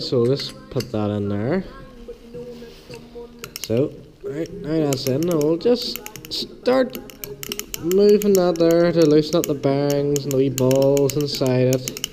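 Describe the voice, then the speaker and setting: A man with a hoarse voice from the flu, hosting a casual step-by-step engine repair tutorial, chatty and homely, repeating small instructions. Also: mid-range voice, slow pace, long pauses, background noise. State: hoarse, losing his voice with flu. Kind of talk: casual step-by-step workshop demonstration.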